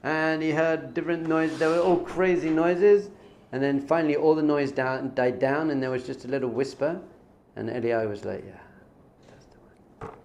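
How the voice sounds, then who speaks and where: A man's voice: a little high, normal speed, darkish tone, a little hiss or hum. A man teaching as a rabbi in an informal spiritual lesson. He talks conversationally, repeats phrases for emphasis and mixes in Hebrew terms.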